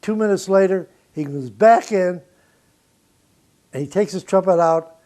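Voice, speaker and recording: In a relaxed interview, an older man with a notably high speaking voice recounts studio stories from his years as a record producer. Blunt, profane and animated, he talks at a measured pace and laughs between anecdotes.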